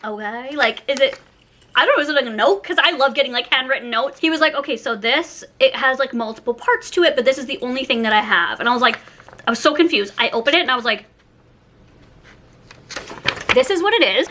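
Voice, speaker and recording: A woman's voice: high-pitched, bright, forceful tone. A young woman from Canada chatting in a casual birthday haul vlog, giddy and gushing, laughing often. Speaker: vlogger.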